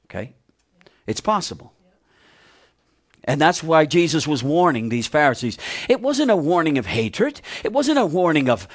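A man's voice: fairly high pitch, big pitch swings, moderate pace. A man preaching a sermon, asking the congregation questions and repeating key phrases for emphasis. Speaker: pastor.

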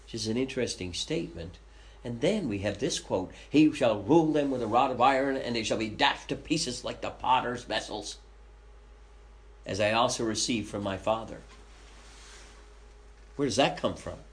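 A man's voice: medium pitch, moderate pace, long pauses. A man leading a Bible study, reading scripture aloud and explaining it conversationally, with questions to his listeners. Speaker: Bible teacher.

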